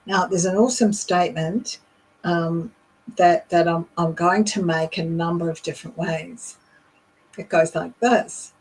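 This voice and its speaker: A middle-aged woman leadership coach teaching voice techniques in a deliberate, demonstrative way. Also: fairly low pitch, steady tone, darkish tone, a little hiss or hum, poor audio. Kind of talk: instructional talk.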